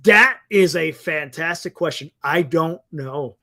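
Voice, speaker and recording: A man's voice: on the high side, slow pace, vocal fry, pushed and bright. A man co-hosting a casual sports talk show, chatting and reading out viewer comments, often repeating himself.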